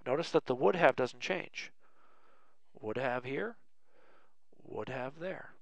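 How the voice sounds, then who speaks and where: Gravelly guy teaching grammar, slow dictating word by word, dry close mic. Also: mid-range voice, no echo. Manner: light self-mocking humor. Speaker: English teacher. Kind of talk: grammar lesson at a board.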